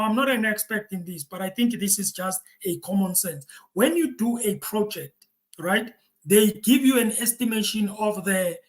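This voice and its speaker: A man's voice: high-pitched, poor audio. Chatty reaction-video man. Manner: repetitive, stammering restarts, chatty asides to viewers. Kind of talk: casual reaction commentary.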